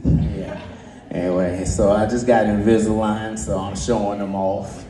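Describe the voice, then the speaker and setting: Man, stand-up comic, slight lisp, loose joking delivery, mellow tone, roomy club sound. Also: mid-range voice. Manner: loose, joking, acts out quick voices. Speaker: stand-up comedian. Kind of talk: stand-up comedy set. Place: comedy club stage.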